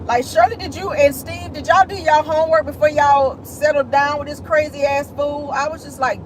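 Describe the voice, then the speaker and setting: A woman giving sassy, animated celebrity gossip commentary while driving in her car. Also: sits high, normal speed, hardly any pauses, slight background noise, rough recording. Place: in a car, driving near an airport.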